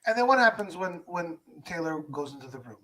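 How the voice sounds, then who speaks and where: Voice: mid-range voice, sing-song, a little fast, fairly bright tone. A co-host in a casual recap chat, giving wry, chatty commentary.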